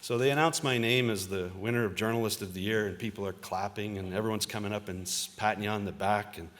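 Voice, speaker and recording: A man in his fifties giving a convocation address. He is a journalist telling personal stories in a relaxed, self-deprecating way, with plenty of "uh" fillers. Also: on the low side, fast. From Ontario, Canada. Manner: conversational storytelling, self-deprecating, with frequent uh fillers. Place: large convocation hall. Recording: reverberant hall.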